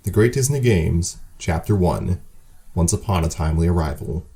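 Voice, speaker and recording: A man's voice: deep voice, animated, moderate pace, dark tone, slight background noise. A man hosting a story show and narrating a fan story, with dry, self-mocking humor. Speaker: host and narrator.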